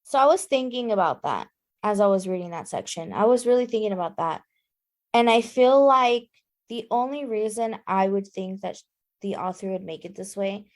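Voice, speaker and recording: A woman co-hosting a casual book-club podcast, who talks in an emphatic, exclamatory way and is quick to get indignant. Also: medium pitch, darkish tone. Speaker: podcast co-host.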